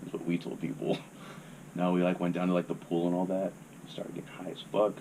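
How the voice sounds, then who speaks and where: Young guy w a really deep voice, chill rambling storytime, cusses a lot, lil hiss behind. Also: monotone, brisk, warm tone. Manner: laid-back, swears freely, rambling. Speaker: podcast guest. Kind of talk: casual storytelling.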